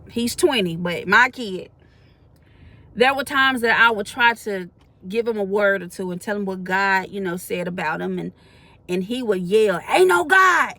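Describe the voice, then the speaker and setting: A woman's voice: medium pitch, a bit bright. A woman in her forties gives a spoken faith testimony. She talks in a colloquial, earnest way that builds into preaching. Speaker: faith vlogger.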